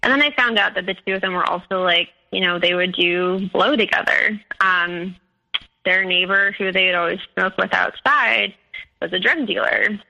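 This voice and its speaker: Gravelly, bright-toned woman recounting her story. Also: mid-range voice, rough recording. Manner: halting, many fillers and restarts. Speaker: guest sharing her story. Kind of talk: personal storytelling.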